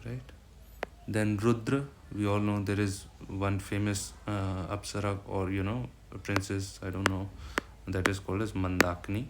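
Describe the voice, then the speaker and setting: A man's voice: on the low side, flat delivery, normal speed. A man with an Indian English accent giving an exam-prep geography lecture, switching between English and Hindi and checking in with a frequent "right?". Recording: loud background noise with clicks.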